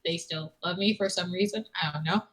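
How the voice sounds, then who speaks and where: A woman's voice: lowish voice, a little fast, fairly bright tone, low-quality recording. A woman who plays in and streams tabletop games, bantering playfully with joking curses and frequent laughter. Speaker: player and fellow streamer. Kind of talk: casual banter in a game session.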